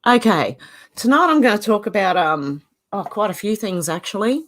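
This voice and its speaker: This Australian woman runs a relaxed livestream, welcoming viewers by name and voicing their comments in chatty fashion. Her mid-range voice is expressive and a bit bright, at normal speed.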